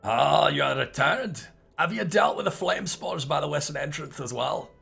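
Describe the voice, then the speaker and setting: A man reading out the lines of a small, nostalgic creature merchant who is shrewd about prices, in a measured, wistful way. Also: a little high, lively intonation, creaky, bright, forceful tone, breathy edge, faint music behind, heavily acted. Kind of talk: reading game dialogue aloud.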